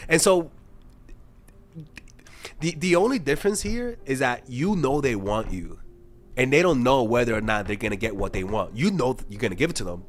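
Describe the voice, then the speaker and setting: Blunt, profane male dating coach. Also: mid-range voice. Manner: blunt, profane, animated storytelling. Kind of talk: casual monologue to camera.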